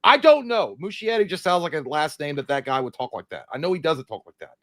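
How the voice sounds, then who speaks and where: A man's voice: a little high, sing-song, quick pace, a bit bright, no room sound. Crude joking man reading comments. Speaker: co-host. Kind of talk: casual live-stream chat.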